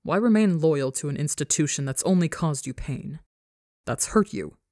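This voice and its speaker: A woman's voice: sits low, lively intonation, moderate pace, mellow, no echo, studio quality. A woman voicing a cold, contemptuous aristocratic father who coaxes and sneers, in a read-aloud story. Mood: scornful. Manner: coaxing, contemptuous.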